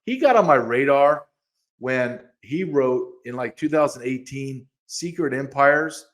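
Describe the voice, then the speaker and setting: A man co-hosting a podcast in casual chat, animated and quick to get excited, sometimes reading quotes aloud. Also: medium pitch. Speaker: podcast co-host.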